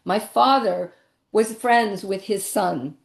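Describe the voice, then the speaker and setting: A woman's voice: mid-range voice, slow, creaky. A middle-aged woman giving a personal family-history talk over a video call, conversational and emotional, with many ums and restarts. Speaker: presenter.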